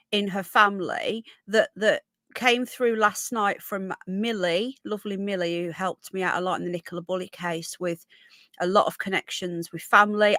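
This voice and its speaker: A woman's voice: medium pitch, a bit bright, dry recording. Woman streamer, rambling casual chat, dry close sound at home. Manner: chatty, rambling, self-interrupting. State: coughing. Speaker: livestream host. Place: home room.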